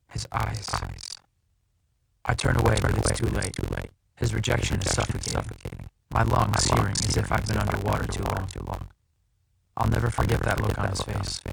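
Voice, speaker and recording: A man narrating an audiobook in first person, with a measured, tense, dramatic reading. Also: on the low side, creaky. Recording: loud background hiss.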